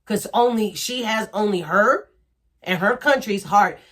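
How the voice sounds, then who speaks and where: A woman's voice: mid-range voice, expressive, unhurried, a bit bright. Indignant woman ranting to camera. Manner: indignant, repetitive, rhetorical questions. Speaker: commentator. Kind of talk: ranting opinion video.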